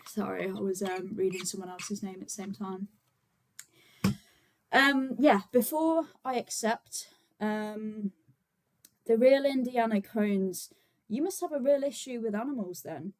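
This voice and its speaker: A young woman from Birmingham, England, speaks unhurriedly at a medium pitch. She's a vegan activist hosting a laid-back livestream, chatty and full of filler words as she talks to her viewers and gets set up.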